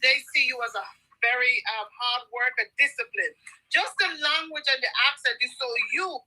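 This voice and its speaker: A Jamaican woman in her fifties, co-hosting a casual panel chat and telling stories with lively emphasis. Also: sits high, normal speed, rough recording. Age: 50s. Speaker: talk show co-host.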